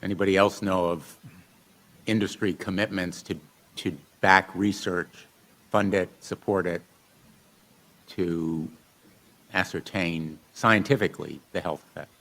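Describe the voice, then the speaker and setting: Deep voiced middle-aged senator grilling witnesses, insistent, formal hearing. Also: male voice, fairly even intonation, measured pace, long pauses, a bit bright. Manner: pointed, insistent questioning. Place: hearing room.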